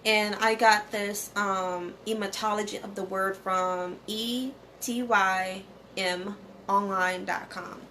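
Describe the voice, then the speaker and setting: Woman, casual educational vlog host, slow unhurried delivery, keeps asking "okay?", reads notes aloud. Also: mid-range voice, fairly even intonation, pushed and bright, a little hiss or hum. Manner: conversational, often checks in with "okay?"; reads source text aloud, stumbles over pronunciations. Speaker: channel host.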